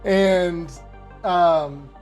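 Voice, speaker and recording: A man narrating a tabletop role-playing game as game master, with relaxed phrasing and frequent fillers. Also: high voice, extremely slow, soft background music.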